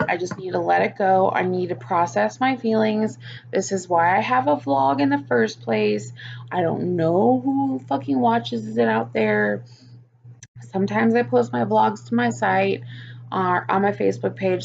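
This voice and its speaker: A woman's voice: medium pitch, moderate pace, gravelly, a little mellow, muffled recording, slight background noise. A woman talking frankly on her personal vlog, venting about her week and swearing often. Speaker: vlogger.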